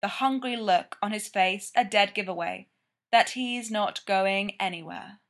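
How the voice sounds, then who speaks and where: Slow, measured woman reading a story. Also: mid-range voice. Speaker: reader of fan fiction.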